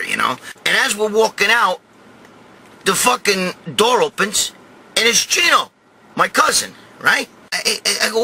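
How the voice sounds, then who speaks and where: Man, middle-aged, from new york, high-pitched, very bright, profane shouting storyteller. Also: very animated, a little slow, creaky, slight background noise. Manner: loud, crude, swears constantly, shouts in bursts. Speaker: host. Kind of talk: profane storytelling rant to camera.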